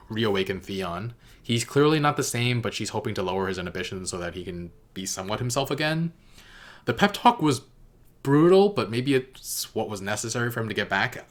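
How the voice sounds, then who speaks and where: Speaking in a lowish voice with a fairly bright tone, a TV reaction reviewer offers an offhand spoken take on a TV episode. He wanders and stalls, leaning on fillers and frequent self-corrections.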